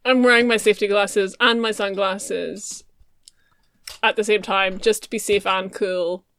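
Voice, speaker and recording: A woman's voice: medium pitch, fairly even intonation, measured pace, a bit bright, clear, resonant tone. A woman co-hosting a podcast in casual, wry banter, swearing freely. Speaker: podcast co-host. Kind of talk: casual chat.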